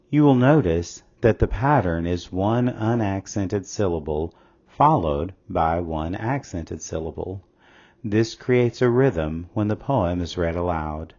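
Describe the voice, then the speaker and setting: A man narrating a scripted English lesson in a slow, measured, explanatory way. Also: deep voice, darkish tone. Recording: slightly dull lo-fi audio.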